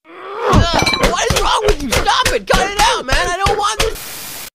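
A man voicing a shrill, panicking cartoon character who shrieks in alarm. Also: animated, slow pace, vocal fry, over loud music, exaggerated voice. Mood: panicked.

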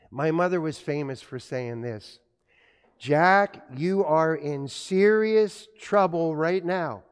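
A man's voice: fairly high pitch, smooth. A middle-aged man preaching a sermon, telling stories from his childhood and acting out family dialogue. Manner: storytelling, acts out family dialogue. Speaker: pastor. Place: church. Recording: reverberant church hall.

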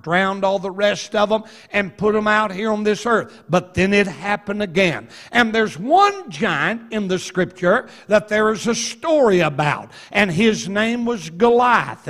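A man preaching a revival sermon in a church, telling folksy stories with slow emphasis and quick asides. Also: high voice, a bit bright. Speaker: evangelist. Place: church sanctuary.

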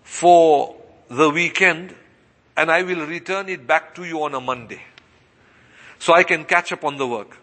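A man's voice: a little high, measured pace, long pauses, sharp tone. A man voicing a polite young male Muslim student who earnestly explains himself to a friend. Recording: long reverberant hall.

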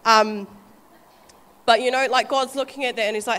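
A woman with a New Zealand accent preaching a sermon, animated and often acting out quoted voices with light laughter. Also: on the high side, fairly quick, long reverb tail.

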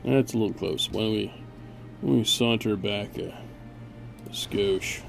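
A man's voice: on the low side, measured pace, creaky, faint music behind. A man hosting a gameplay video, chatting casually and barking mock-grand orders at his units with a sarcastic edge.

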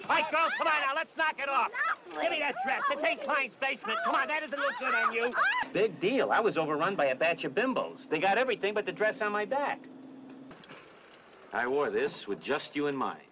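A brash wisecracking army corporal in a dress. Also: male voice, high voice, big pitch swings, brisk. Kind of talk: 1970s TV sitcom acting. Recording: dull old TV soundtrack with faint hiss.

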